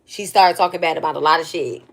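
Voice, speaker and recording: Blunt, profane female creator with a lowish voice, rambling through a personal story. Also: fairly even intonation, fast talker, gravelly. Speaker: spiritual content creator. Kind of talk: casual storytelling rant.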